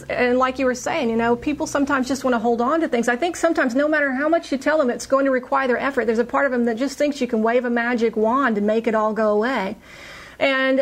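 Animated woman telling a client story. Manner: animated, acts out client's quotes in higher voice. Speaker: hypnotherapist. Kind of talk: casual storytelling on a podcast.

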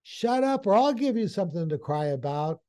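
A man voicing an impatient, angry father who yells at his small son in a harsh, slow, shouted way. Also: high-pitched, sing-song, pitched above the performer's own voice.

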